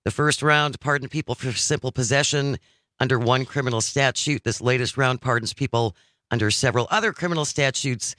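Bright-voiced male talk radio host. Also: mid-range voice, a little fast, dry recording, clean studio sound. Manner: reads news items, then chats. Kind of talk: radio talk show discussion.

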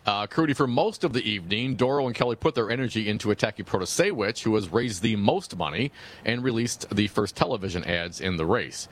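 A man from co-hosting political talk radio, wry and joking as he reads news. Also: mid-range voice. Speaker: radio talk show co-host.

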